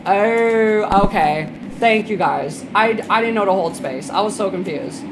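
A woman's voice: mid-range voice, expressive, unhurried, background noise. A young woman live-streaming a game, chatting with her chat, a little tipsy, swearing and shrieking when startled. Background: game music.

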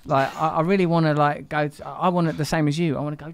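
A man, hosting a relaxed interview in a wry, reflective way. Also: on the high side, quick pace, clean tone, dry recording. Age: 40s. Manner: wry, reflective, swears casually. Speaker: podcast host. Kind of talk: casual conversation.

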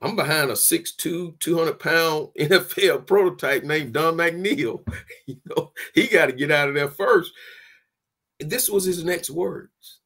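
A man, a former football player telling a lively story in an interview, with folksy phrasing and laughs. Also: on the high side, unhurried, vocal fry. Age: 60s.

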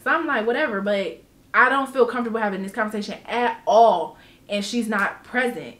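A woman vlogger telling a personal story in casual storytime style, animated and emphatic, swearing freely. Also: fairly high pitch, brisk, reverberant.

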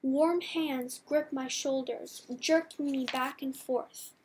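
A woman reading a novel aloud in the first person, measured and softly dramatic. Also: high-pitched, steady tone, a little hiss or hum. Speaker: audiobook reader.

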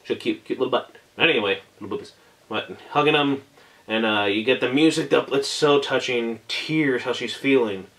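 A man reviews an anime in a loose, rambling way, piling on "like" and "oh my gosh" as he gushes over the scenes. He sounds emotional and gets choked up at times, with a voice pitched in the middle of the male range. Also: normal speed, fairly bright tone. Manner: gushing, rambling, full of "like" and "oh my gosh". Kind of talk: casual video review.

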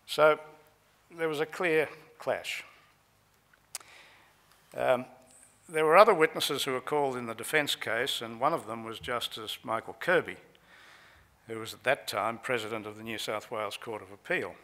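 A man giving a measured conference talk on a legal case, pausing often with fillers, speaking from a lectern microphone. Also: medium pitch, bright, forceful tone. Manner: measured, with frequent filler pauses. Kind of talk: conference talk recounting trial transcripts. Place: conference hall.

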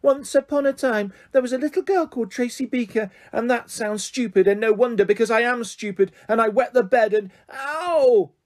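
A man's voice: very high-pitched, moderate pace, hardly any pauses, pitched above the performer's own voice. A man voicing a spiteful girl in a children's home who sneers and taunts, read from a storybook. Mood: mocking baby voice.

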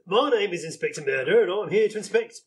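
A man's voice: high voice, expressive, quick pace. An actor playing a pompous, bumbling police inspector in a live comedy sketch, blustering and stammering as he chuckles at himself.

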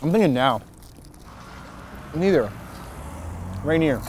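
A man from Chicago chatting casually on a lapel mic outdoors, excitable and profane, with loud bursts and frequent laughs. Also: on the high side, takes it slowly, a little hiss or hum. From Chicago, USA. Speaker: scooter rider interviewed on a filming day. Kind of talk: casual chat while filming. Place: outdoors on city streets.

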